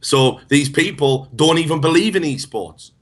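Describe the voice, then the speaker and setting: A man's voice: fairly high pitch, lively intonation, moderate pace. A man co-hosting a talk show, ranting heatedly in casual, profane banter. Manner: heated, swearing rant. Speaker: podcast co-host.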